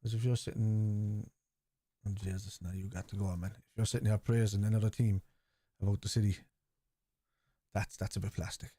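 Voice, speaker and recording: A man's voice: lowish voice, level tone, moderate pace, mellow, dry recording. A man hosting a live fan watchalong, reading out and answering viewer chat in a blunt, casual way, swearing freely. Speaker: fan channel host.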